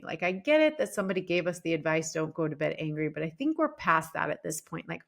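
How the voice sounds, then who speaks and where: A woman in her forties, a relationship coach guesting on a podcast, telling marriage stories in a casual, animated way and acting out past moments in her own voice. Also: mid-range voice. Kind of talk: casual podcast interview storytelling.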